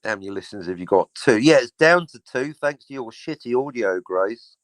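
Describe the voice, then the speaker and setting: A man's voice: mid-range voice, animated, a little fast, dry recording, rough recording. A middle-aged man, hosting a livestream and ranting sarcastically, swearing freely. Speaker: livestream host. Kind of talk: casual livestream chat.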